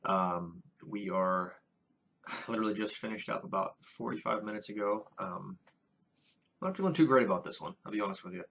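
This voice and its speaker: Man, husky voice, on the low side, casual game recap vlog, rambly with lots of ums. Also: moderate pace, fairly bright tone. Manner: rambling, many fillers and restarts. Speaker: first-time dungeon master.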